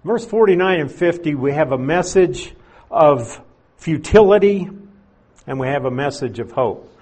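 A man's voice: fairly high pitch, lively intonation, measured pace, darkish tone, husky. A man preaching an expository sermon, explaining verses plainly with conversational asides.

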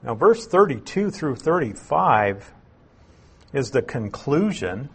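A man gives an expository Bible lesson at a slow, deliberate pace. His voice is a little husky, and he stops to explain terms and repeat the point so it lands. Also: mid-range voice, big pitch swings. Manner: unhurried, explains terms and repeats key phrases. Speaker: Bible teacher.

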